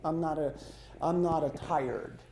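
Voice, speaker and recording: A man giving a life-coaching talk to a small audience, speaking in a halting, conversational way and often correcting himself. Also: fairly high pitch, fairly even intonation, creaky, a little mellow, a little hiss or hum. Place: lodge hall. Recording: echoey hall.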